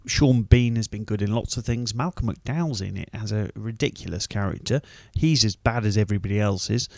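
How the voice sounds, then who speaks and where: Wry British man with a gravelly voice. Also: lowish voice, a little mellow, no room sound. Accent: British English. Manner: wry, dry and dismissive. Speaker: film reviewer. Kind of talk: casual film review monologue.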